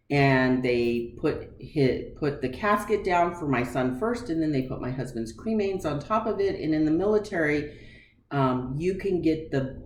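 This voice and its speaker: This low-pitched woman in her forties speaks from a room in her home, where the echo carries a slight hiss or hum. Candid and emotional, she recounts a personal story and brings it to life by voicing the conversations she recalls.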